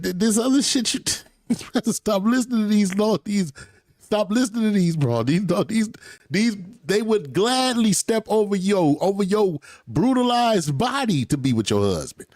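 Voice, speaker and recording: A man co-hosting a casual commentary show, loud and animated, laughing and talking in slang. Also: high-pitched, no echo, clean studio sound. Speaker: co-host.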